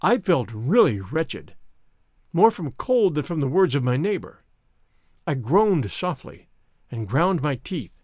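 A man's voice: a little high, very animated, takes it slowly, darkish tone, no room sound, studio quality. A man reading a first-person story aloud as narrator, in a reflective storytelling manner. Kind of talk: scripted audiobook narration.

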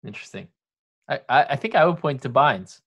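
A man's voice: medium pitch, expressive, brisk, fairly bright tone, breathy edge, lo-fi sound. A man co-hosting a casual sports podcast, chatty and playful, given to banter. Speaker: podcast co-host.

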